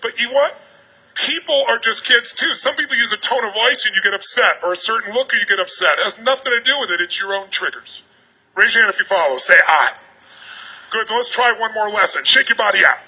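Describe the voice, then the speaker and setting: This man, a motivational speaker, sounds high, expressive, pushed, and bright with a breathy edge, in a low-quality recording. He gives a seminar talk to a large arena crowd, commanding them with rapid-fire questions through a stage microphone.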